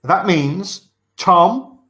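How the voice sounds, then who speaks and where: A fairly high-pitched man hosts a streamed board game session over a video call. He explains the rules patiently, pausing on "uh" fillers as he walks players through their turns. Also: animated, sharp tone. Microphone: video call mic.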